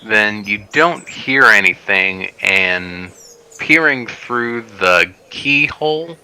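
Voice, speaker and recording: A man narrating as game master, pausing with little fillers as he describes the scene. His delivery is slow and deliberate. His voice sits low but sounds sharp and bright. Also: expressive, clear, resonant tone, low-quality recording. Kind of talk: running a tabletop game.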